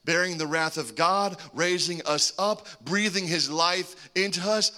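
A man preaching a sermon, animated, with joking asides and swings between loud calls and hushed remarks. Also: high-pitched, measured pace, hardly any pauses. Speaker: pastor.

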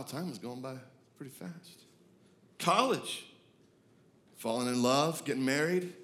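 A man, preaching a sermon, moving from hushed reflection to loud, excited declarations. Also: mid-range voice. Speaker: pastor.

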